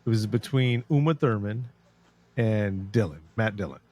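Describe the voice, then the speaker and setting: A man co-hosting a casual podcast about a film, retelling scenes with animated storytelling and acted-out quotes. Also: lowish voice, normal speed, dry recording. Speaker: podcast co-host.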